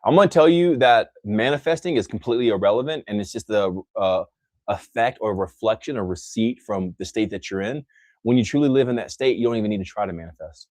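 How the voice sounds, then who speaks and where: Casting: young man from Texas, odd self-made accent, lowish voice, loose rambling livestream host, dry close sound. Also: fairly quick, a little mellow, no echo. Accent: own mixed accent, not Texan. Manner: loose, rambling, many fillers and restarts. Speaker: livestream host answering viewer questions. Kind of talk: casual live Q&A.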